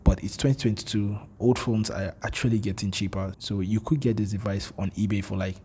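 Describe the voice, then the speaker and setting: A man from Nigeria, a tech reviewer, giving a scripted voice-over review in a slightly monotone voice. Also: lowish voice, a little fast, slight background noise.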